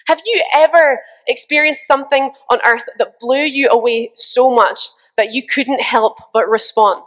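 A young woman preaching a lively sermon, reading scripture and telling animated stories with mimicked exclamations. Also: sits high.

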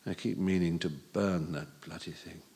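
A man reading aloud voices a weary, bruised woman teacher in a quiet, heavy, resigned way. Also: low-pitched, fairly even intonation, moderate pace, long reverb tail, pitched below the performer's own voice.

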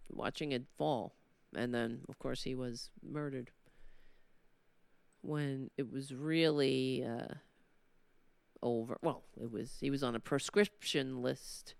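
A woman's voice: rumbling low, gravelly, smooth, no room sound, clean studio sound. A woman hosting a political commentary show with a New York accent, talking in a sardonic monologue that builds into impassioned ranting.

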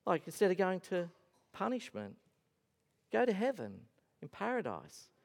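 A male pastor preaches in an earnest, storytelling way, lifting and dropping his voice for emphasis. His voice sits a little high for a man. The sound carries a long reverb, like a large church hall. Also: huge pitch swings, a little slow, vocal fry. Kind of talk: sermon.

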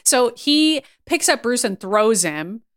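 A woman's voice: on the high side, very animated. A woman co-hosting a podcast, casually recapping a cartoon, laughing often and acting out lines. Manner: laughing often, acts out lines in quick voices. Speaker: podcast co-host.

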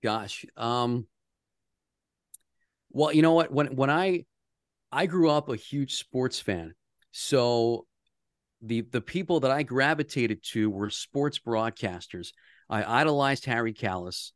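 A radio man from the Philadelphia area talks through a story in an earnest, conversational way, often restarting his sentences. His voice sits at an ordinary middle pitch, and the sound is dry and close. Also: slow, long pauses, no room sound. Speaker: radio host, guest. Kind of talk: casual podcast chat.

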